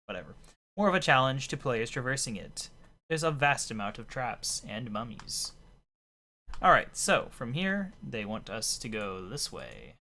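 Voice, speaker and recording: A man giving casual, thinking-aloud commentary as he plays a game, his voice a little hoarse. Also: mid-range voice, measured pace. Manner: relaxed, thinking aloud while playing. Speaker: let's play commentator.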